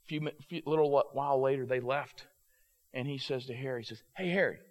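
A man preaching through a story, animated and acting out the characters, with frequent halting restarts. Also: medium pitch. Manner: halting restarts, repeated words. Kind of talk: sermon storytelling.

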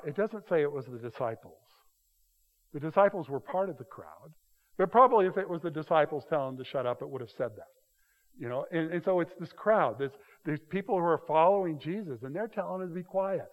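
A middle-aged man preaching a sermon, telling the story with animated delivery and acted-out voices. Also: a little high, moderate pace, phone-quality sound. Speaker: pastor. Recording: long hall reverb.

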